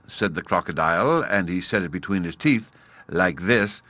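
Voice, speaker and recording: A man's voice: low voice, animated, moderate pace, bright, forceful tone, no echo. A man narrating a classic storybook aloud, addressing his listener fondly as he tells the tale. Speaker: audiobook narrator.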